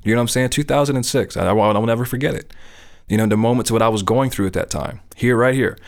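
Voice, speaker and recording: A middle-aged man talks about faith in an earnest, easygoing way. His voice sits at an ordinary middle pitch, and he often stops to ask whether his listener is following. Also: fast talker. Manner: earnest, conversational, often asks "you know what I'm saying?". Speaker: speaker on faith. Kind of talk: casual faith talk.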